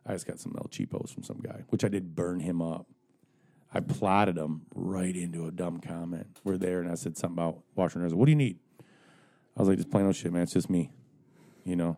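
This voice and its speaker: A man's voice: deep voice, steady tone, fairly quick, mellow. A middle-aged man telling stories in casual chat among friends, swearing freely, rambling, and laughing at his own jokes.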